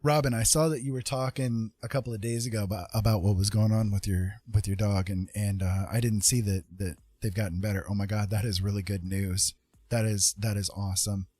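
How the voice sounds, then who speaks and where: A man's voice: fairly low pitch, steady tone, a little fast, a little mellow, breathy edge, no echo. A man hosting a casual livestream chat, talking in an earnest, rambling way with lots of fillers, teary and with his eyes burning. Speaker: livestream host.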